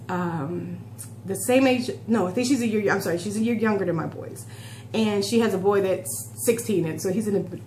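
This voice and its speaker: A woman in her forties chatting openly to camera in a vlog, emotional and close to tears, often restarting her sentences. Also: mid-range voice. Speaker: vlogger. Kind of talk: casual talk to camera. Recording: echoey room with faint hum.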